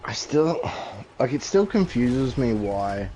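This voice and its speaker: A man's voice: sing-song, slow, warm tone, slight background noise. A young man swearing freely in casual chat while playing a game. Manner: crude, slangy, swears a lot. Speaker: gamer. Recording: dull low-fi home mic.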